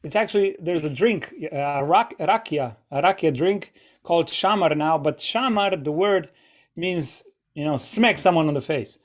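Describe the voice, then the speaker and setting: A man's voice: on the high side, moderate pace. A man hosting a live improv comedy show, rambling and chatty as he keeps interrupting himself. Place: small theater stage.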